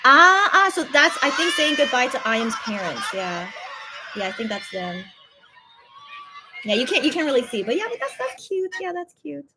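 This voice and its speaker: A young woman with a somewhat high voice chats casually on a livestream, reading out fan messages. She rambles and stops and restarts often, full of fillers. She sounds emotional, close to tears. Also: very animated, normal speed, background noise.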